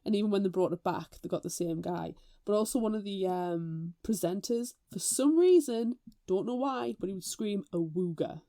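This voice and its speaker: A woman co-hosting a casual book podcast, telling lively anecdotes, swearing freely and mimicking voices. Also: medium pitch, normal speed, few pauses, no room sound, studio quality. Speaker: podcast co-host.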